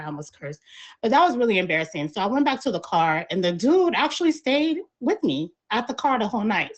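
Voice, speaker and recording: A woman, a panelist telling a long story on a panel show and acting out the lines of the people in it. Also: medium pitch. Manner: animated storyteller, acts out quotes.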